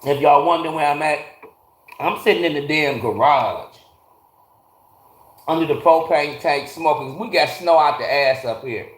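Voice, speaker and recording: A man hosting a live phone stream from a garage, cursing freely and ranting bluntly while calling out his viewers by name. His voice sits a little on the high side, and the room gives it a hollow, echoey ring. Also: moderate pace, pauses often. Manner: blunt, profane ranting, greeting chatters by name. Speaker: livestream host. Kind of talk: casual livestream chat with viewers.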